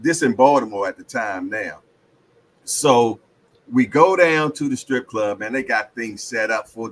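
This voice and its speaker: A man's voice: medium pitch, a bit bright, a little hiss or hum, poor audio. Joking, slangy man hosting a hangout. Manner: loose, joking, slangy, laughs often. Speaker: host. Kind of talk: casual chat and storytelling.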